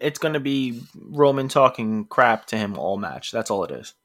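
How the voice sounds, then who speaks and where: A man co-hosting a casual wrestling chat with a dry, teasing, deadpan manner. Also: mid-range voice, normal speed. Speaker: podcast co-host.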